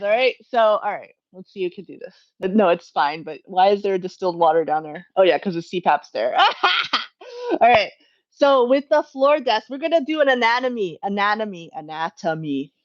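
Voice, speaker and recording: A woman at a middle pitch chats casually on a livestream from home, wandering off track and correcting herself. She laughs easily and talks straight to her viewers. The sound is a little dull and lo-fi. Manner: rambling, self-correcting, chatty with frequent laughs. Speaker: livestream host. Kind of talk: casual live Q&A chat.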